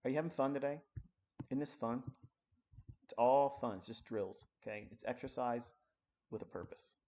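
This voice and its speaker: Man, mid-pitched, blunt and coarse, live-streamed trading lesson at a desk mic. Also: moderate pace, dark tone, muffled recording. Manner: blunt, coarse, talking while working charts. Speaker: trading educator.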